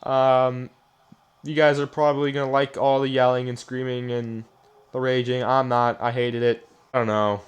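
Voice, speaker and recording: A man's voice: medium pitch, level tone, normal speed, clean tone, highs cut off. Frustrated young man ranting over gameplay. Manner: frustrated, ranting, swings between muttering and yelling. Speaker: gaming YouTuber. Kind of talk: live gameplay commentary. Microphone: desk microphone.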